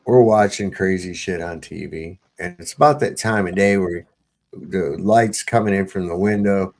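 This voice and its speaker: A man with a low, gravelly voice tells a story to his panel in a loose, profane ramble. He backtracks and piles on fillers as he goes, speaking casually over a home streaming mic. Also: moderate pace, darkish tone. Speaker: host of a live-stream panel show.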